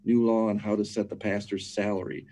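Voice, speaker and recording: Low, mellow-voiced man teaching emphatically. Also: flat delivery, a little fast, a little hiss or hum. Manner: emphatic, repeats words when building a point; asks listeners rhetorical questions. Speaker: guest speaker on church matters. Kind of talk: conversational teaching in an interview.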